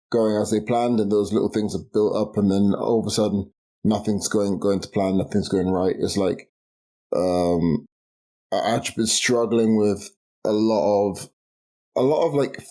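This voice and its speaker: A man's voice: on the low side, mellow. A man in his twenties co-hosting a casual podcast chat, ranting in an exasperated way with many restarts and laughs. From United Kingdom. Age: 20s. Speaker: podcast co-host.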